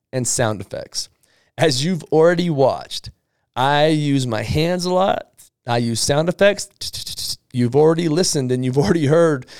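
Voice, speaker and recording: A man coaching salespeople in an upbeat, slangy way, with a gravelly edge to his mid-pitched voice. The recording is close and dry, with no room sound. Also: no echo. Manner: energetic, slangy, acts out sales banter. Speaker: sales trainer.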